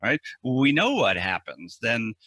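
A man's voice: mid-range voice, sing-song, unhurried, bright, forceful tone, husky, dry recording. A man talking as a therapist in a podcast interview, explaining earnestly and often restarting or repeating words. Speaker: anxiety therapist.

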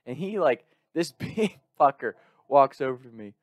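Young man, casual storyteller, animated and profane, middle-pitched voice, dry close sound. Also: no room sound. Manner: animated, swearing, quick asides and restarts.

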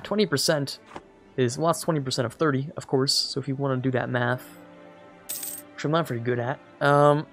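A man hosts a let's play with a gravelly, fry-tinged voice set at an ordinary pitch. He rambles through his strategy game, often stopping to correct himself or crack a joke. Soft music runs faintly under his talk. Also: steady tone, brisk. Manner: rambling, self-correcting, jokey asides. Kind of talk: casual gameplay commentary.

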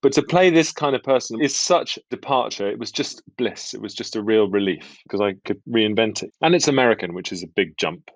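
British man, British accent, deep voice, dry studio mic, wry and self-mocking, relaxed interview chat. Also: fairly quick, few pauses, dry recording. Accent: British English. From England. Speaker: actor guest.

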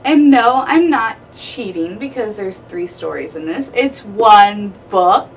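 A woman's voice: medium pitch, expressive, takes it slowly, a little hiss or hum. A young woman, chatting casually and gushing about favorite books, with a lot of "like". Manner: bubbly, gushing, peppered with "like". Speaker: book reviewer. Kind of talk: casual book review vlog. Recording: somewhat distant mic with faint room ambience.

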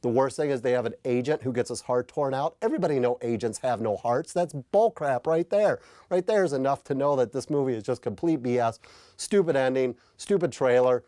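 A man hosts a comedic review of a bad film, ranting with sarcastic energy and casual swearing. His voice sits at an ordinary middle pitch. The recording is dry, with no room sound around him. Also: fairly quick, dark tone, no room sound. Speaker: host.

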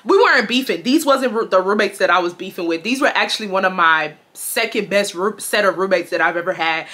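A woman in her twenties from Houston, telling a storytime to her viewers in a casual, slangy, animated way, swearing often and jumping into high shrieks when she quotes people. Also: fairly quick. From Houston, Texas. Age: 20s. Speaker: storytime vlogger.

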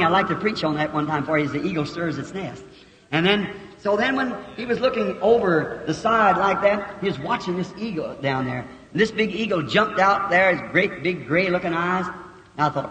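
A man in his fifties from the United States, preaching and telling a story in a folksy, emotional way that rises into high, excited outbursts. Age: 50s. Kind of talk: sermon, storytelling. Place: church or meeting hall. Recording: echoey hall recording with faint hiss.

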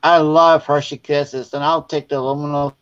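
A man, a guest on a casual crafting chat, telling funny stories in a lively way and acting out the voices of the people in them. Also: on the high side, moderate pace, smooth. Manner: animated, acts out quoted voices. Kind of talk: casual storytelling. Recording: dull lo-fi sound.

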